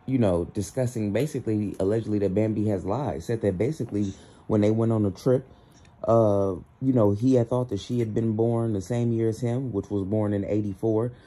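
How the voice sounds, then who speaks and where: A man gives casual commentary for his channel, speaking straight to viewers. His voice is very dark and mellow, and he fills his talk with "you know.". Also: on the low side. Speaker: YouTube commentator.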